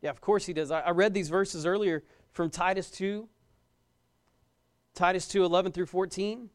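A man's voice: high voice, steady tone, moderate pace. A young man preaching a sermon as a pastor, emphatic, repeating key phrases and questioning his listeners.

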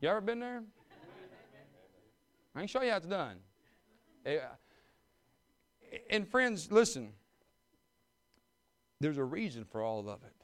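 A pastor in his thirties delivers a sermon, mixing folksy jokes with rising, fervent preaching. His voice sits high for a man and rings smooth and clear. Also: sing-song, measured pace, long pauses. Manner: folksy humor building to loud fervent preaching.

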